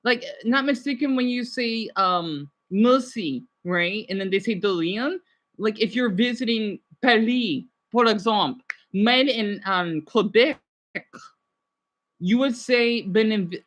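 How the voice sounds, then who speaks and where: A woman's voice: fairly high pitch, slow. Rambling woman chatting with viewers. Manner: rambling, restarts and self-corrections. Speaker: livestream host. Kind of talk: casual chat with viewers.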